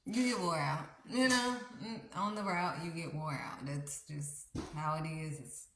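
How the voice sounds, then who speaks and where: Low-voiced woman preaching casually. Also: lively intonation, unhurried, noisy background. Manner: earnest, repetitive, conversational. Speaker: faith livestream host. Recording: roomy echo.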